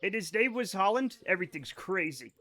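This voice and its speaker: Brief: male game streamer with a high voice, chatting to viewers, loose, profane and rambling. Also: big pitch swings, fairly quick, pushed and bright. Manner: rambling, profane, joking asides to chat. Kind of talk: casual live-stream chat with viewers.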